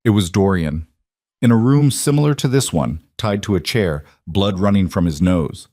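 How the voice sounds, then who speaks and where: A man narrates a crime story in a measured, tense delivery. His voice sits low and the sound is dry and close, with no room around it. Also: expressive, warm tone, no room sound. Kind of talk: scripted dramatic narration.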